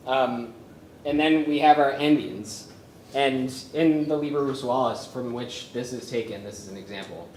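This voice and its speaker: A man presenting a workshop on chanting psalms, speaking haltingly with many fillers and humming melodies to show them. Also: medium pitch, a little hiss or hum. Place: conference room with a live audience. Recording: roomy echo from a lecture space.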